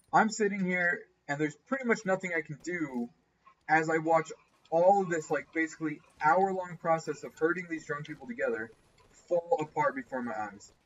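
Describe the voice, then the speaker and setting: A man telling a casual story over gameplay, acting out the people he quotes with sudden jumps in his voice. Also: dull audio. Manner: animated, acts out quoted people with pitch jumps. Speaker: gaming storyteller.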